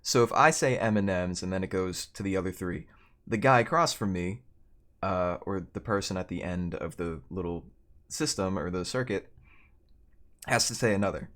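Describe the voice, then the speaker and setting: A male streamer with a slightly low voice tells a story while he plays. He rambles, restarts his sentences and chuckles along the way. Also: moderate pace, a bit bright. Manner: rambling, self-correcting, laughs between lines. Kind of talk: casual storytelling while gaming.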